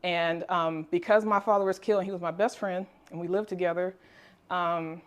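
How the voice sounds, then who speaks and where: Middle-aged woman, nutritionist type, a bit low in pitch; candid, earnest storytelling with "um"s and small laughs. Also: fairly even intonation, normal speed. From Nigerian family background. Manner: earnest and candid, with frequent fillers and light laughs. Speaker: holistic nutritionist and wellness teacher. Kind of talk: personal story told to a class.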